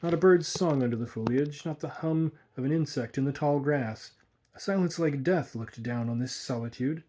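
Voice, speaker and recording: A man reading a classic horror story aloud in the first person, measured and dramatic. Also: a little high, dark tone, husky.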